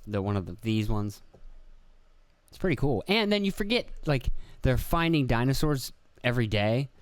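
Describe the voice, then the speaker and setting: Profane rambling man, smooth dry voice. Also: medium pitch, expressive, moderate pace, dry recording. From Pennsylvania. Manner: profane, rambling storyteller who acts out quoted voices. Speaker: podcast host. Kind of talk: casual rambling monologue.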